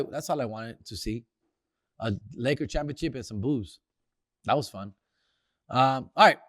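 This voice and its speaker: A man's voice: on the high side, no echo, studio quality. A comedian hosting a casual sports segment, slangy and profane, dropping Spanish words into his talk. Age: older.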